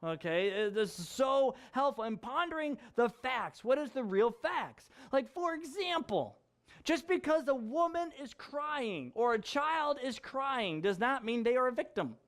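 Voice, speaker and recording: A man's voice: very high voice, expressive, a little slow, a bit bright. A male pastor preaching a conversational sermon, chatty and jokey, with frequent asides and laughter.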